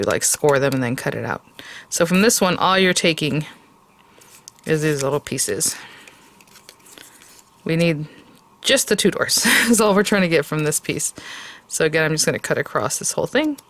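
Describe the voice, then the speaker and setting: A woman's voice: on the low side, fairly bright tone. A woman hosting a papercraft tutorial, explaining each step as she cuts and checking in with the viewer often, in an enthusiastic and chatty way. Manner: chatty, talks while cutting, checks in with "okay?" and "right?"; enthusiastic, easily delighted. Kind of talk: casual step-by-step craft demonstration.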